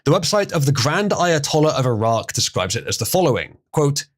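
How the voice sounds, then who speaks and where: A man's voice: a little high, sing-song, brisk. A man hosting a livestream, reading an article aloud and breaking in with sarcastic, crude remarks. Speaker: livestream host.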